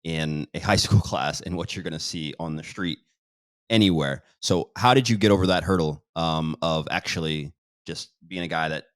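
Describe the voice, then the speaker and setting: A man from the United States, hosting a casual interview in an easygoing, deliberate way. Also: very deep voice, dry recording, clean studio sound. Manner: easygoing, deliberate host with fillers. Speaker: channel host, interviewer.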